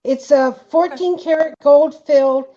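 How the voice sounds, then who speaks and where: Female caller on a muffled video call, brief polite answers, high voice. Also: measured pace, mellow. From North Carolina. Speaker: caller showing an item. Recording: dull lo-fi video call audio.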